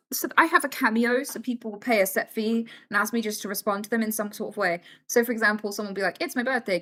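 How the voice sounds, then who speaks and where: Lively, bright-voiced woman streamer chatting. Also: medium pitch. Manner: animated storyteller who acts out other voices; candid, swears freely. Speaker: live streamer. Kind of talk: casual chat answering viewer questions.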